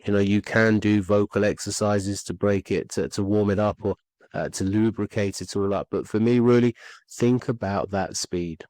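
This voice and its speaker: Man coaching speaking skills, low and dry. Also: steady tone, normal speed, a little mellow, dry recording, rough recording. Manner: earnest, repeats points for emphasis. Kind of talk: instructional podcast talk.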